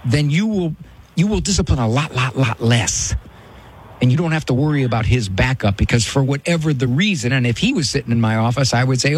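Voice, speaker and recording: Husky guy on a radio advice show, talks straight, voice jumps all over. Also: mid-range voice, brisk. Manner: blunt, lively, mimics voices in quotes. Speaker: radio call-in host, psychologist.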